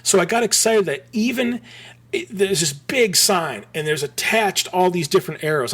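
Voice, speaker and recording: A man in his forties from Michigan, telling a rambling story as a podcast guest, full of restarts and animated asides. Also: on the high side. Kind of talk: casual storytelling.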